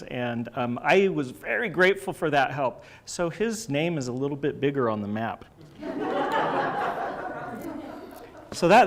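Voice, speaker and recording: Man, slightly high voice, casual art presentation, loose and chatty with frequent "um"s and restarts. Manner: chatty, hesitant with many fillers and restarts. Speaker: book art director presenting artwork.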